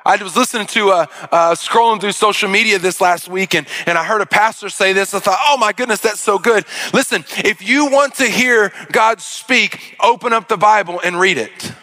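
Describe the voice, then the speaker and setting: A man's voice: high-pitched, moderate pace, hardly any pauses, sharp tone. A man preaching a sermon, telling a story with acted-out voices and many restarts. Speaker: pastor.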